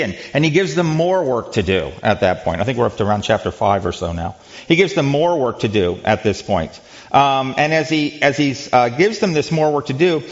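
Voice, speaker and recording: A man of middle pitch teaches scripture in a loose, conversational way. He pauses on ums, restarts his sentences and throws rhetorical questions to his listeners. The recording sounds muffled and lo-fi. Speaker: Bible teacher. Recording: dull lo-fi recording.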